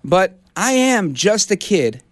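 Over a studio broadcast mic, a conservative talk radio host gives a fiery, rallying monologue; he's a middle-aged man from Brooklyn, New York. His high voice swings widely in pitch and moves slowly, and the sound is clean studio audio with no room sound.

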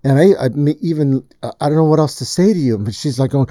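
Man with a very dark, mellow voice. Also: mid-range voice, fast talker, few pauses, dry recording. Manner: animated storyteller, acts out quotes. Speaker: music producer. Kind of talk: casual storytelling chat.

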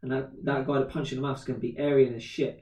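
A man in his thirties, a podcast co-host, telling a story in casual chat, animated and swearing freely. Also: medium pitch, very fast. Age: 30s. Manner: animated, swears freely, acts out quoted voices. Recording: roomy echo, distant from mic.

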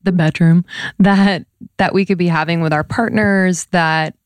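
Casting: woman podcast co-host, lowish voice, reflective and searching, dry studio sound. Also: steady tone, no echo. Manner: halting, thoughtful questions with many restarts. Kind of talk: casual podcast conversation.

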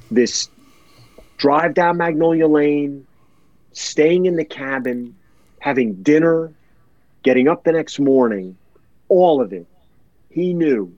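Slow-talking earnest man, dull lo-fi sound. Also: a little high, darkish tone, no echo. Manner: earnest, emotional, repeats words for emphasis. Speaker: guest telling a story. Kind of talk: heartfelt storytelling in a podcast chat.

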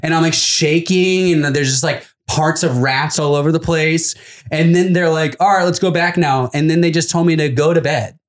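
A man's voice: a little high, moderate pace. A man on a comedy podcast telling a childhood story in casual chat, laughing often and acting out the people in it. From Los Angeles. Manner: animated storyteller, acts out voices, laughs mid-sentence. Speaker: comedian guest.

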